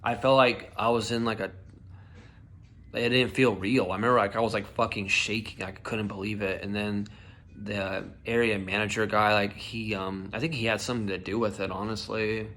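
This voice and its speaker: Flat and lowish, a bit bright, at a moderate pace, this young vlogger recounts something personal over slight background noise. Heat and emotion make his voice shake, and swearing plus plenty of "like" and "dude" fill his casual story.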